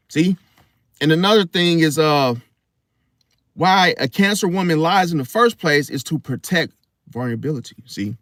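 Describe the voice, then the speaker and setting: A young man's fairly bright, somewhat high voice, recorded dry at studio quality, carries a casual astrology monologue at normal speed. He is blunt, emphatic, and profane, repeats "see?", and keeps restarting his sentences.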